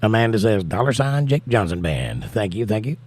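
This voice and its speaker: An American man, tired and unslept, runs a casual livestream where he reads out and answers comments from viewers. He has a lowish, darkish voice and talks briskly with very animated delivery.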